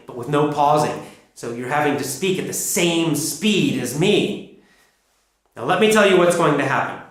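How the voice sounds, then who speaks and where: A man teaching English pronunciation, explaining practice steps in an energetic, emphatic, repetitive coaching manner. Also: a little high, a little slow. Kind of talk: instructional explanation. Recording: very echoey room.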